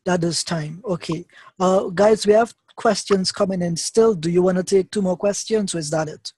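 Husky, high-voiced male debate moderator. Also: darkish tone, no echo. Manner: brisk, hesitant fillers while managing callers and time.

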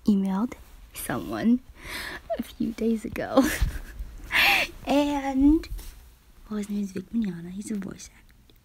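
A woman vlogging casually to her viewers, gushing and starstruck, often slipping into a breathy half-whisper. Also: mid-range voice, darkish tone. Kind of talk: casual vlog to camera.

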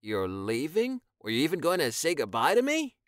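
A man's voice: a little high, wildly swooping pitch, normal speed, dry recording, studio quality, voice pushed up. A man doing a worried, indignant small man. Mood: hurt. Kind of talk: audiobook character voice.

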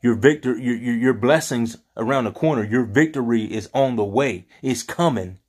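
A man's voice: medium pitch, normal speed, darkish tone, close to an everyday voice. A reassuring savior figure, as a man lends him his own everyday voice, speaking plainly and informally. The lines are encouraging and promise that help is near.

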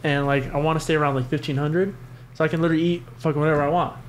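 Rambling, swearing young man, slightly high voice. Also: fairly even intonation, very fast, slight background noise. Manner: rambling, swears a lot, filler-heavy. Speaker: podcast co-host. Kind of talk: casual chat.

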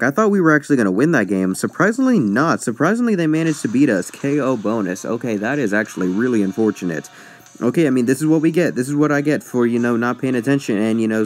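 A young man commenting casually on his online match, rambling and sidetracked, joking at his own expense. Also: medium pitch. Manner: rambling, self-mocking, easily sidetracked. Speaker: gaming YouTuber. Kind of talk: casual let's-play commentary.

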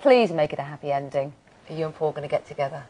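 A woman's voice: deep voice, lively intonation, fast, mellow, husky, poor audio. A woman presenting a breakfast TV show, interviewing a guest in an enthusiastic, gushing way. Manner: enthusiastic, gushing, laughs easily. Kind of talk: live TV interview. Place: TV studio.

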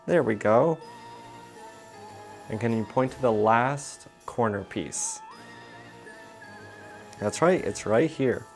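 Slow patient man teaching toddlers. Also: medium pitch, animated, soft background music. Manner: patient, encouraging, asks questions. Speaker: children's educator.

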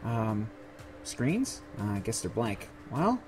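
A man playing a video game demo and commenting, confused and nervous, laughing to himself and breaking into high, panicked shouts when scared. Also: big pitch swings, slow, faint music behind. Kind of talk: let's play commentary.

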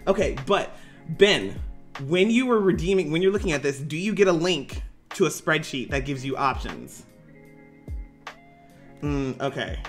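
A man's voice: on the high side, big pitch swings, unhurried, pauses often, soft background music. Casual, swearing game-design streamer man. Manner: casual, joking, profane, talks to chat by name. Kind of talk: casual live-stream chat.

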